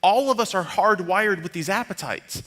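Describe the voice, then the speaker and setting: Pastor guy in his 30s telling stories in a sermon, kinda high bright voice, chatty and animated. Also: moderate pace. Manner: conversational, animated storytelling, drops to a hushed tone for serious moments. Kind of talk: storytelling sermon. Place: church stage.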